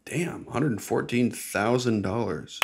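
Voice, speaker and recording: A young American man hosts his own podcast, delivering a casual solo monologue that rambles and is full of profanity and sarcasm. His voice is mid-range and gravelly with an unhurried pace, and the recording is very noisy.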